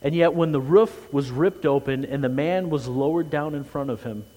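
A man preaching a sermon as pastor, earnest, rising loud and quick for emphasis, then dropping low and quiet. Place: church sanctuary. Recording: long hall reverb.

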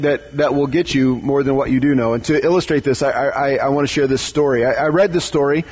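Husky-voiced man preaching casually. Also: mid-range voice, brisk, hardly any pauses, dull audio. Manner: conversational, repeats words, asks "right?". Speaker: pastor. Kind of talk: sermon. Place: church.

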